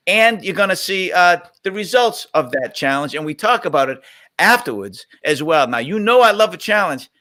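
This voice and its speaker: A man's voice: on the high side, pushed and bright. A middle-aged man from Boston hosting a casual live Q&A stream on a webcam, reading out viewer questions and rambling into stories. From Boston, USA.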